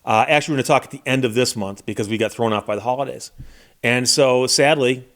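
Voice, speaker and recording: A man's voice: mid-range voice, quick pace, fairly bright tone. A middle-aged American man, a lawyer and YouTube host, speaking in a somber, reflective casual monologue with frequent restarts. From United States.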